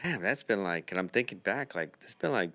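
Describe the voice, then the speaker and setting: A man's voice: deep voice, expressive, brisk, sharp tone, no echo. A man hosting a podcast, telling a long rambling anecdote full of quoted dialogue in a casual chat. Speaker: podcast host, dental builder.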